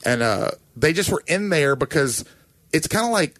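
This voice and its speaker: A man's voice: a little high, normal speed, dry recording. A man in casual chat, a former college kicker telling stories with jokes and acted-out quotes. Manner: animated storyteller, joking, acts out quotes.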